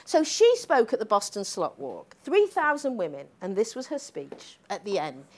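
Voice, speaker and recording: A woman's voice: medium pitch, huge pitch swings, normal speed, few pauses. An older woman from the United States giving an emphatic, sardonic public lecture as a professor, often tagging her points with "okay?" and "right?".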